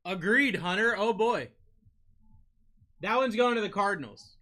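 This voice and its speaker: A young man with a New England accent runs a live card-break stream, reading out player names and chatting with his viewers in a lively way. His voice sits high for a man, and its tone is strikingly bright and sharp. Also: a little slow. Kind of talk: live-stream chat while opening cards.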